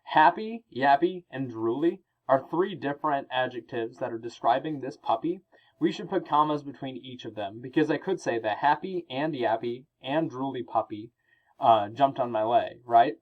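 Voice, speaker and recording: A man teaching a recorded grammar lesson, explaining each rule patiently and reading his example sentences aloud with clear pauses. His voice sits at a middle pitch. The audio is a little dull and lo-fi. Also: expressive.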